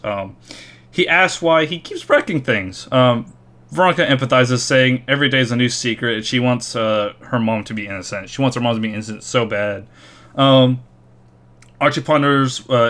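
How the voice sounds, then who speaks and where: Male co-host, bright tone, summarizes plot in relaxed chat with fillers. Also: medium pitch. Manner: reads plot summary with many ums and uhs. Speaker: podcast co-host recapping episodes. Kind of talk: casual recap chat.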